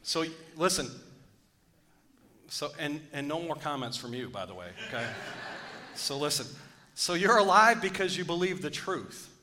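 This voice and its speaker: A man's voice: on the high side, animated, moderate pace, bright, forceful tone. A man preaching a sermon, joking with the congregation and asking for amens. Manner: joking, call-and-response preaching. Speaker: pastor.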